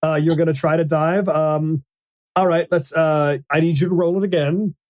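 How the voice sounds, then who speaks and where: A man running a tabletop game as game master, narrating in a halting way with many restarts and fillers. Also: a little high, steady tone, a little mellow, no echo, muffled recording.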